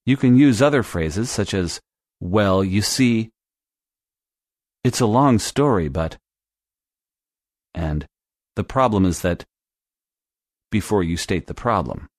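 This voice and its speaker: A man narrating a scripted English lesson, explaining phone phrases in a clear, measured way. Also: fairly low pitch, lively intonation, darkish tone, no room sound, clean studio sound. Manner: clear, measured instructional delivery. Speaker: language teacher.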